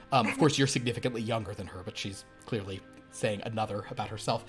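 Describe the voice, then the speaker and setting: A man narrating as game master of a tabletop game, with meandering, casual descriptions that trail off softly. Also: fairly low pitch, quick pace, hardly any pauses, soft background music.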